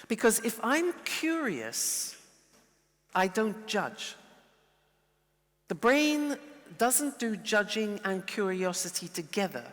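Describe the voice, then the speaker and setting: A man giving a lively, playful lesson, acting out examples as he explains. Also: sits high. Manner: lively, playful, animated demonstrations. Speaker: teacher. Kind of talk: lecture with role-play. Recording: long reverberant hall.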